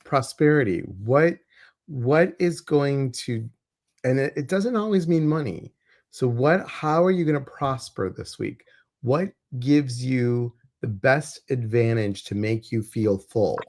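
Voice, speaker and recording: A chatty male co-host reads viewers' questions and oracle cards on a casual livestream. His voice sits at a middle pitch and his delivery stays loose, with teasing asides and bad dad jokes. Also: takes it slowly, darkish tone.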